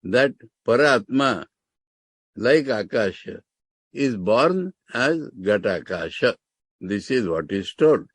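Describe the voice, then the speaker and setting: A monk with an Indian English accent gives a scriptural discourse, explaining Sanskrit terms word by word and rising emphatically. His medium-pitched voice is expressive and slightly rough, slow with frequent pauses, and there is no echo.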